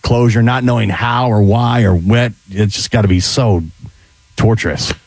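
A man's voice: on the low side, steady tone, moderate pace, darkish tone, dry recording. A man co-hosting a radio show, chatting in an easygoing way. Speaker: radio co-host. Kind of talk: casual radio banter.

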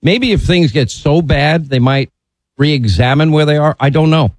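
A man's voice: fairly high pitch, normal speed, dry recording, rough recording. A man hosting a call-in radio talk show, blunt and opinionated in a conversational way. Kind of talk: talk radio, taking calls.

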